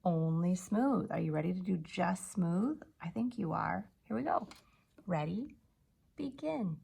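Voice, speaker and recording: A woman teacher leading a children's phonics lesson, slowly sounding out letters and blending them into words with gentle encouragement. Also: lowish voice, expressive, vocal fry, husky. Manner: gentle, encouraging teacher talk to young kids.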